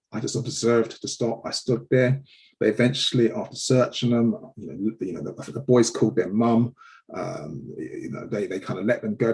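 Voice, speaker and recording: A man's voice: mid-range voice, gravelly, darkish tone, low-quality recording. A man in his forties, a live show host, telling a personal story with passion and frequent restarts when upset. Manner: impassioned, repeats words when upset.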